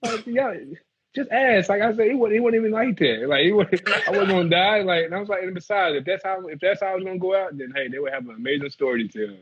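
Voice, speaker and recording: Animated man telling a story, lo-fi. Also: high-pitched, fast talker, few pauses, background noise. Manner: animated, laughs, acts out quotes. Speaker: guest, former football player. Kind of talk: casual storytelling.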